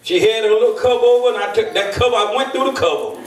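A man's voice: very high voice, fast talker. An older man preaching as a bishop, telling folksy stories and calling for responses from his congregation. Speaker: bishop and pastor. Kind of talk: sermon. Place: church. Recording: echoey church from a distance.

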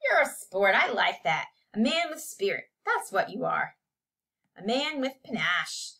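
A loud, blustering drunk party host who repeats himself and pushes people around, as a woman reading the story puts him on. He talks high and loud for a man in this storybook reading. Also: big pitch swings, measured pace, full character voice.

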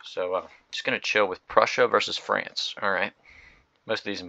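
A young man giving excitable, slangy gameplay commentary, swinging from loud outbursts to mumbled asides. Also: on the low side, normal speed, gravelly, no echo, lo-fi sound. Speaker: gaming video host.

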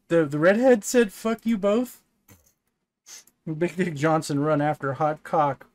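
A man's voice: high-pitched, no room sound. A man co-hosting a casual gaming session, reading a text adventure aloud with frequent laughter and casual swearing. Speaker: co-host playing a text adventure.

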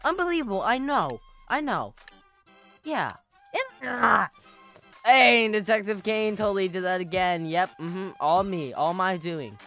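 Goofy gamer lady, lively swoopy voice, yelps a lot, soft music in the back. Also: mid-range voice, measured pace. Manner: excitable, jokey, yelps and laughs. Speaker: gaming YouTuber. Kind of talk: playful gameplay commentary.

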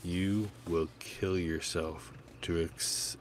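A man voicing a frightened, defeated male preacher who stammers and speaks quietly. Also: low voice, fairly even intonation, drawn-out words, slight background noise. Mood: cowed.

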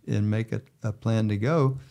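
A man speaking as a bishop on a podcast, measured and gentle, with frequent pauses and fillers. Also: fairly low pitch, gravelly. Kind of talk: conversational podcast chat.

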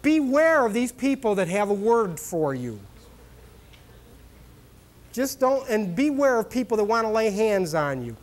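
A male pastor delivering a sermon from the pulpit. He talks in a conversational, folksy way, breaking into exclamations and humor as he tells a story. His voice swings from loud, high bursts down to quiet, low asides. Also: very animated, a little slow, pauses often.

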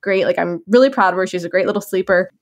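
A young woman, a new mother, chatting casually and warmly about her baby, with lots of fillers and laughs. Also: fairly low pitch, fast talker. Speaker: new mom answering viewer questions. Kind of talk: casual chat.

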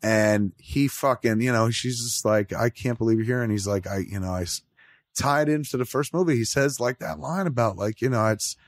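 A middle-aged man chatting casually as a host, excitable and swearing freely, often slipping into quoted voices. He has a middle-pitched voice recorded close and dry, with no room sound. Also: normal speed, no echo. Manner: animated, swearing, acts out lines in quotes. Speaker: podcast host. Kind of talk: casual profane chat.

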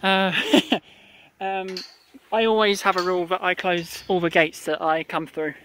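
A balloon retrieve driver giving a casual running commentary outdoors, explaining each step with frequent pauses. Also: mid-range voice, fairly even intonation, a bit bright, a little hiss or hum. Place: outdoors in a field and by a car.

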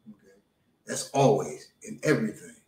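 A male co-instructor in casual panel banter, joking and quick to laugh. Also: fairly low pitch, expressive, darkish tone. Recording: echoey room.

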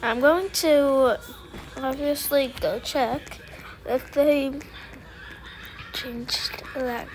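A woman's voice: sits high, fairly even intonation, drawn-out words, long pauses. A woman giving casual gaming commentary, giggling often and squealing when startled. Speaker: gamer.

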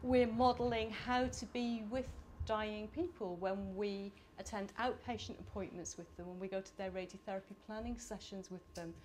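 A middle-aged woman from the United Kingdom speaking at a conference, animated and chatty with laughing asides. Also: mid-range voice, moderate pace, few pauses, a little hiss or hum. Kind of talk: conference talk. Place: conference hall.

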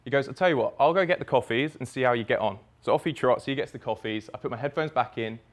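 A man's voice: mid-range voice, fast talker. A young man telling a personal story in the present tense as a speaker at a summit, swearing freely. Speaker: speaker at a fitness business summit. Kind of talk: storytelling keynote talk.

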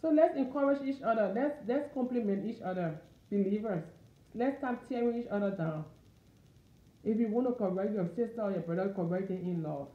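Speaking a little fast in a mid-range voice, this woman with a Liberian accent offers repetitive, fervent exhortation as a Christian encourager. It's an informal sermon given from her dining room, captured in an echoey room at phone quality.

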